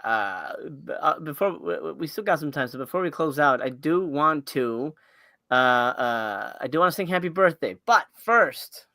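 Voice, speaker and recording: Bright-voiced man from Miami hosting. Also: on the high side, lively intonation, moderate pace, gravelly, dry recording. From Miami, United States. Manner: profane, joking, filler-heavy. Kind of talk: casual chat.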